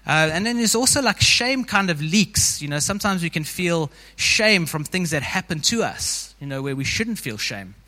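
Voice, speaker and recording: A man's voice: on the high side, very animated, normal speed, few pauses, sharp tone, in a large hall. A man preaching a sermon to a congregation in a casual, conversational way, filling his sentences with "you know". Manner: informal, frequent "you know" fillers.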